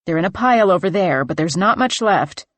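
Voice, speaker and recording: A woman voicing a tense young female climber who tries to calm a friend, urgent and soothing. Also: on the low side, fairly quick, dry recording, lightly acted.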